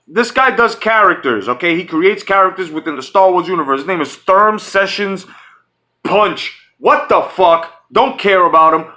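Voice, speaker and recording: A man's voice: sits high, bright, forceful tone. Profane, heated man ranting. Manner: restarts and stumbles often. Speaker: channel host. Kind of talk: angry fan rant.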